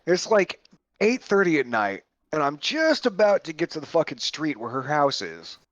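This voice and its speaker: Animated, foul-mouthed male podcast host. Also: a little high, normal speed, no echo, lo-fi sound. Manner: animated, profane, full of restarts. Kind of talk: casual storytelling.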